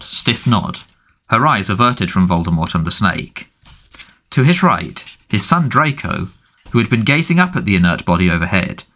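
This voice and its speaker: A man narrates a fantasy audiobook in a measured, dramatic manner. His pitch sits low, yet the tone is bright, with lively, animated intonation.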